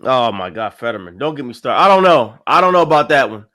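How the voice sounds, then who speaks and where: A man's voice: medium pitch, sing-song, fast talker, bright, forceful tone. A man talking politics in a casual chat, stressing points by repeating them. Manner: emphatic, repeats phrases for stress.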